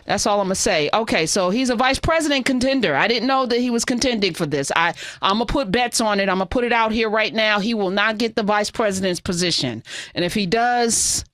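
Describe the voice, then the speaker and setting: A woman's voice: medium pitch, brisk, fairly bright tone, dry recording. A woman hosting a talk radio show, delivering fiery, sarcastic, scolding commentary into a studio microphone.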